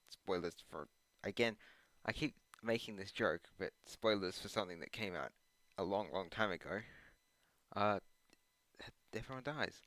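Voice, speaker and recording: A man's voice: on the low side, sharp tone, dry recording. A man rambling casually while playing a video game, meandering and hesitant with plenty of ums and uhs, and dropping self-deprecating asides. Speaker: gaming channel host.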